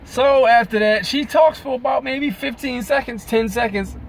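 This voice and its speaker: A man's voice: very high voice, normal speed, slight background noise. A man venting in a profane, rambling commentary to his viewers. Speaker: video blogger. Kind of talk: ranting commentary to camera.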